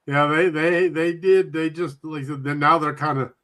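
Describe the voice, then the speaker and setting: A man's voice: a little high, little pitch movement, measured pace, fairly bright tone. A man in casual group chat, easygoing, who adds facts and repeats his first words.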